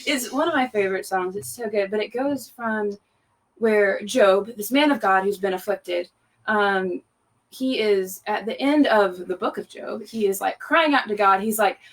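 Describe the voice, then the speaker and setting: A woman's voice: mid-range voice, normal speed. A young woman leading worship, chatting casually about a song between sets with many fillers and easy laughs. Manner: chatty, lots of "um" and "like", laughs easily. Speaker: worship leader. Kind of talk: casual devotional talk between songs.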